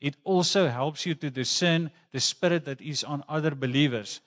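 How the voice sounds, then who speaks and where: A man's voice: a little high, moderate pace, a bit bright. A man preaching a sermon in a church, talking earnestly and conversationally and mixing in personal stories. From South Africa. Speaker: pastor.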